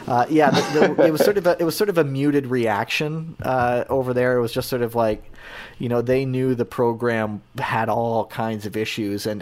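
A Canadian man as a podcast guest, chatting casually and rambling with many fillers and restarts. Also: mid-range voice.

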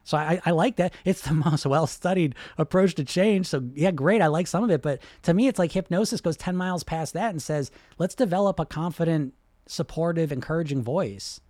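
A man coaching on weight loss and hypnosis in a casual, animated talk, often swearing and asking "right?". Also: on the high side, fairly quick, few pauses, dry recording, studio quality. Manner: animated, swears freely, many fillers like "right?".

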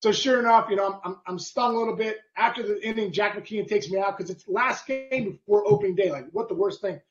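A middle-aged man, a former ballplayer hosting a podcast, telling a story in casual, animated chat with bursts of sound effects. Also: sits high, quick pace, lo-fi sound. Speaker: podcast host, former baseball player.

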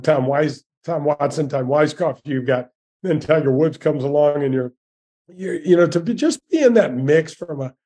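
Folksy sixties male guest, warm dark timbre, slightly high voice, eager anecdotes. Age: 60s. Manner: folksy and enthusiastic, many restarts. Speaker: guest, former tour golfer. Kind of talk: storytelling interview.

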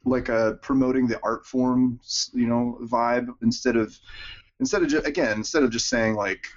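A man's voice: medium pitch, fairly even intonation, moderate pace. Rambling man on a dull mic. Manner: rambling, filler-heavy, laughs along. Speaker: podcast co-host. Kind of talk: casual chat.

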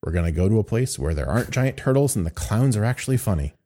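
A man's voice: lowish voice, animated, fast talker, warm tone. A man voicing a weary, aging male police commissioner, tired and exasperated. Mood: wry.

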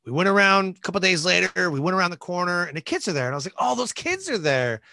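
A man guest on a podcast, telling a personal story in an animated way and acting out the voices of people in it. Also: high-pitched, very fast, vocal fry, no room sound. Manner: animated, acts out voices in his stories, many fillers like "like".

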